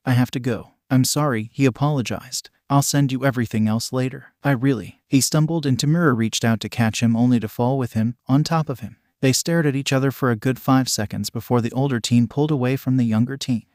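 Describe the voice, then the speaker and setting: A man reading a fan fiction story aloud in a steady, even narration, voicing the dialogue with little change. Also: mid-range voice, fairly quick, hardly any pauses, no echo, clean studio sound. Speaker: fanfic reader. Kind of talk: scripted narration.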